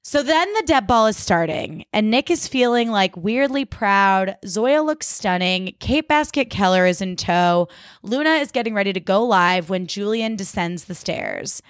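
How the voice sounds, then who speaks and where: A woman's voice: medium pitch, animated, measured pace, no echo. A woman hosting a podcast alone, recapping a show in loose, chatty speech full of "like" and wry asides. Her voice sits mid-range. It is recorded close and dry, with no room sound. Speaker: podcast host. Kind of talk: casual TV recap chat.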